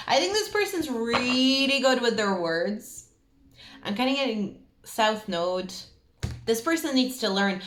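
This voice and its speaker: A woman's voice: medium pitch, echoey room. Chatty woman reading tarot cards. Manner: chatty, emphatic, many fillers. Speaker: tarot reader. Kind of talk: casual tarot reading to camera.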